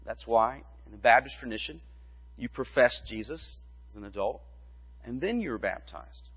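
A male pastor giving a measured teaching sermon, asking rhetorical questions as he explains. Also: mid-range voice, expressive, fairly bright tone, husky, big-room sound, muffled recording.

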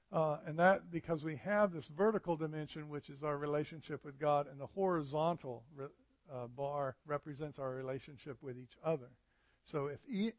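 Pastor guy giving a sermon, kinda high gravelly voice, dry sound, chatty and earnest. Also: no echo. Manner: conversational, earnest preaching with fillers.

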